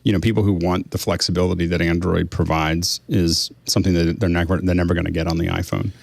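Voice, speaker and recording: A man's voice: deep voice, level tone, fast talker, vocal fry, no echo. A man on a tech podcast panel arguing his point insistently. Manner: argumentative, insistent. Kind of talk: casual panel discussion.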